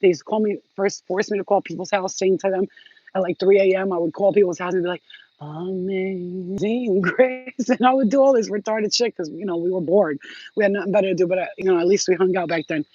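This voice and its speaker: A woman's voice: medium pitch, fast talker, warm tone, dry recording, muffled recording. A woman hosting her own channel, telling rambling, profane stories in a casual vlog. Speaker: channel host.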